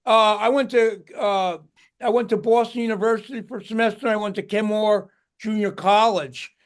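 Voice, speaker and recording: A man's voice: high-pitched, fairly even intonation, normal speed. An older man, a guest musician, tells stories in a casual interview, rambling and restarting his words.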